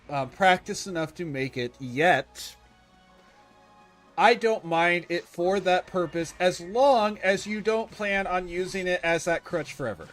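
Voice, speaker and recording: In a casual livestream chat, this man rambles to his viewers while playing a game, opinionated and constantly self-correcting. His voice sits high and sounds a bit bright.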